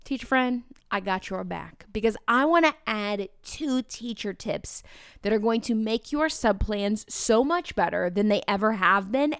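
A woman with a Midwestern American accent hosting a podcast, talking in an energetic, chatty way with playful asides to her listeners. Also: mid-range voice, unhurried, clean tone, dry recording, studio quality. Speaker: podcast host. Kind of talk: upbeat podcast monologue.

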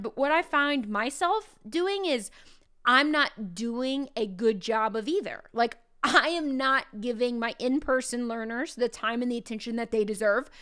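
Chatty woman podcast host, smooth voice. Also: fairly high pitch, a bit bright. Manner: chatty, conversational, speaks directly to listeners. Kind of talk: casual podcast monologue.

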